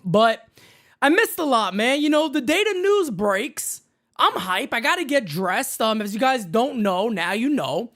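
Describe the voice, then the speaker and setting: A man hosting a baseball fan live stream from his home setup, hyped and shouting out viewers in the chat by name. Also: extremely high pitch, big pitch swings, a little slow. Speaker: baseball fan show host.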